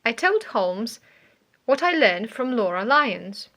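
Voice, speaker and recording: A woman narrating an audiobook with a slow, careful delivery and a bright, clear tone. Her voice sits a little high. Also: sing-song.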